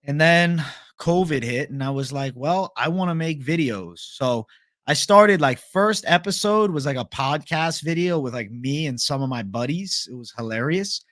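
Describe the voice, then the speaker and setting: A young man chatting casually on a live stream in a laid-back, profane way, with a somewhat high voice. The sound is dry and close, with no room echo. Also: lively intonation, moderate pace, a bit bright. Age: young adult. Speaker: host. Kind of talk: casual live-stream chat reading comments.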